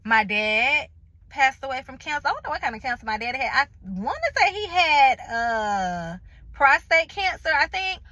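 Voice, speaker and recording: A woman with a high, bright, sharp voice tells a personal story straight to her viewers. She talks emphatically and colloquially, acting out each conversation she retells. The recording is dry and close, with no room sound. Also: animated, moderate pace, no echo, poor audio. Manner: colloquial, chatty, addresses viewers directly. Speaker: vlogger sharing a health update.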